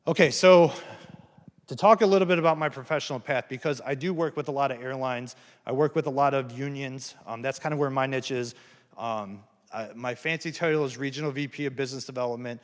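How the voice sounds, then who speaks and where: A man's voice: mid-range voice, a little fast. Candid man speaking in a reverberant hall. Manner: candid, earnest, self-deprecating, with restarts. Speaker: recovery speaker at a campus event. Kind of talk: personal testimony talk.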